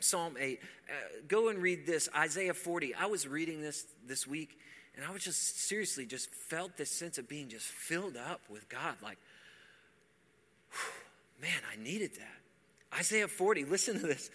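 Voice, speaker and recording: A man preaches in a church sanctuary, his voice high and sharply bright. He drops to near-hushed, conversational stretches, then climbs into loud, passionate appeals. The sound carries a long reverb from the hall. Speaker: pastor. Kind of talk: sermon.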